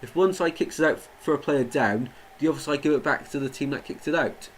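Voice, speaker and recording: A man's voice: fairly high pitch, fast talker, a little hiss or hum, rough recording. A young man doing live football watchalong commentary, chatting with viewers and getting indignant at the play. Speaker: watchalong streamer. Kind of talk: live match commentary and chat.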